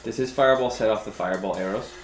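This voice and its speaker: A man playing in a tabletop game who breaks in with quick, excitable remarks and laughter. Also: lowish voice, very noisy. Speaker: player. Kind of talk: casual tabletop game chat. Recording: roomy recording with loud music.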